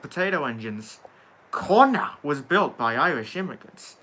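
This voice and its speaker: A young man with a bright, forceful voice chats casually on a livestream. He reads viewer comments aloud and answers them with dry sarcasm and offhand swearing. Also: a little high, very animated, moderate pace. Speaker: livestream host reading chat.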